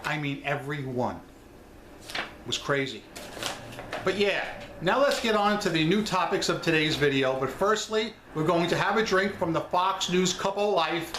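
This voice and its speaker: A man's voice: fairly high pitch, lively intonation, moderate pace, fairly bright tone, roomy sound, a little hiss or hum. New York man, emphatic seller chat. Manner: blunt, emphatic, talks straight to viewers. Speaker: online seller vlogger. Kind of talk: casual chat.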